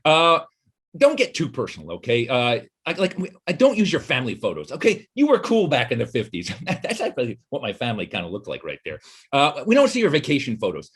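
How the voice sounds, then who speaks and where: A middle-aged man talks fast from his home office, riffing on video-call habits in a wry comedy monologue. His voice is a touch husky, and his pitch jumps all over as he slips into mocking voices. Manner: animated, wry, quick asides and mock voices.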